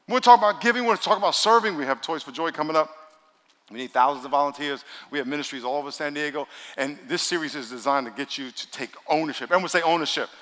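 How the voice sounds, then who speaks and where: A man preaching a sermon as pastor, emphatic, repeating lines for stress and swinging between loud and quiet. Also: a little high, fast talker. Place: large church. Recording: long hall reverb in a large church.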